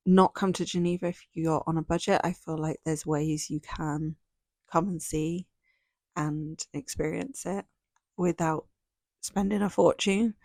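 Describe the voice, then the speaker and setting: A young woman talks through her trip in a loose, chatty travel vlog, laughing often between thoughts. Her voice sits on the low side with a gravelly fry. The sound is close and dry. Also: darkish tone, dry recording. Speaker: travel vlogger. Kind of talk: casual travel recap.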